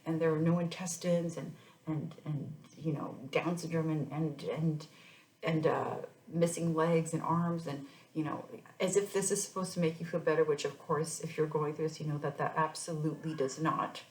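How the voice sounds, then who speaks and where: Chatty mother with a low voice. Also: little pitch movement, moderate pace, darkish tone. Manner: chatty, rambling with many restarts. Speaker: mother sharing her story. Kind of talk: casual personal vlog. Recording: echoey room.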